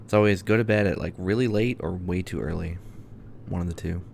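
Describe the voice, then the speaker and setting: A man's voice: low-pitched, brisk, vocal fry, darkish tone, a little hiss or hum. A man streaming a game, chatting casually and easygoingly with viewers. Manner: easygoing, chatty, hums to himself. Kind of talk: casual gameplay chat. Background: music.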